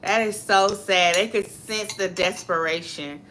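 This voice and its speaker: A young adult woman with a Southern US accent, co-hosting a casual chat and reacting with quick interjections. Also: medium pitch, sharp tone, a little hiss or hum, low-quality recording. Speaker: co-host.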